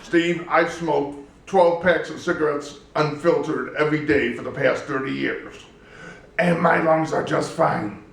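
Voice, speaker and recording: A man putting on a raspy, middle-aged chain smoker who sighs and groans with pleasure. He keeps a flat, deadpan delivery. The sound is distant and echoing in a busy live room. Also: a little high, a little slow. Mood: blissful. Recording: roomy live venue, distant mic, noisy.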